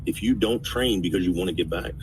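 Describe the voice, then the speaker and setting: A man trucker with a very deep voice, talking fast and emphatically as he gives other drivers advice. He sounds set back from the mic, with clear noise behind him. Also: distant mic. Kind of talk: casual podcast chat.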